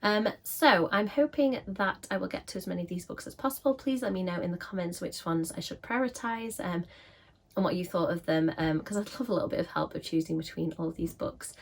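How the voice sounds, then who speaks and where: A woman's voice: lowish voice, a little fast, gravelly. A woman with a scratchy voice, chatting casually to camera as a book vlogger with frequent filler ums.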